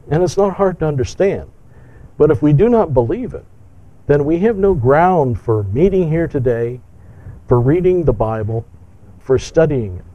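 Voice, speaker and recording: A man's voice: on the high side, mellow, dull audio. A man preaching a sermon emphatically, with rhetorical questions and firm repetition.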